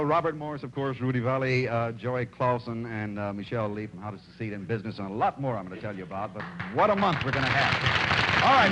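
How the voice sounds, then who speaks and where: A man hosting a TV game show, quick and teasing, chatting with contestants and reeling off guest lists. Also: medium pitch, fairly bright tone, slight background noise, low-quality recording. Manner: quick, chatty and teasing, rushing through names. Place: TV studio before a live audience. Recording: studio audience in the background.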